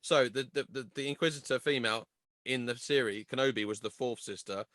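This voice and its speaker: A man co-hosting a fan podcast, quickly checking facts and explaining the details. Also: medium pitch, fairly bright tone, no echo, clean studio sound. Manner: fast, fact-checking, explanatory. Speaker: podcast co-host. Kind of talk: casual chat.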